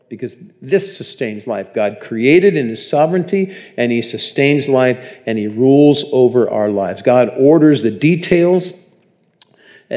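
A man's voice: mid-range voice, warm tone, highs cut off. A man preaching a sermon in a conversational way, often putting questions to the congregation. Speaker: pastor.

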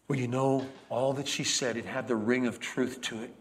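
A man's voice: mid-range voice, steady tone, moderate pace, hardly any pauses, a little hiss or hum. A man delivering a dramatic first-person monologue as a biblical character, speaking directly to the congregation. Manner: storytelling, addresses the congregation directly. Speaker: preacher performing a biblical character.

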